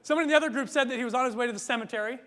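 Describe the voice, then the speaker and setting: A man coaching a live seminar audience, energetic, checking in with "right?" and acting out his stories loudly. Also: very high-pitched, very fast. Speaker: workshop speaker and coach. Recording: long hall reverb.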